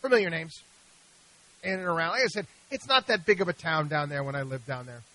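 A man's voice: a little high, brisk, pushed and bright, dry recording, poor audio. A middle-aged man hosting a radio talk show, talking animatedly and with exasperation, often repeating himself and restarting sentences. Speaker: radio show host, investment advisor.

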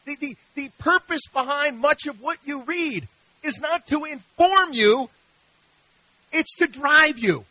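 Male radio host, high bright voice, dry studio sound, preachy and emphatic monologue. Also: slow pace, no echo, low-quality recording. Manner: emphatic, preachy, rhetorical questions.

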